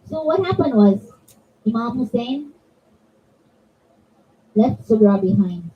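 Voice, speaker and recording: Brief: woman storyteller for kids, high, lively voice, slightly distant, dull mic with faint hall noise. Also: slow pace. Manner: expressive, addresses the children directly. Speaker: children's religious storyteller. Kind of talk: storytelling for children at a religious gathering. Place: community center hall.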